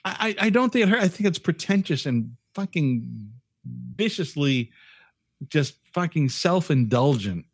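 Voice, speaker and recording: A man co-hosting a podcast who talks bluntly and swears a lot, stumbling over his words as he restarts sentences. His voice sits a bit high and swings widely in pitch. It sounds dry and close, with little room around it. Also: big pitch swings, a little slow, no room sound. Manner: blunt, profane, stammering restarts. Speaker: podcast co-host. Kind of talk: casual chat.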